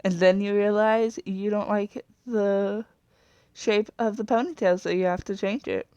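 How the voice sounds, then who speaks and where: A woman's voice: medium pitch, fairly even intonation, unhurried, darkish tone, clear, resonant tone, dry recording, dull audio. A woman casually narrating as she designs a character, rambling, correcting herself and trailing off, sometimes apologetic. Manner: chatty and apologetic. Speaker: video creator.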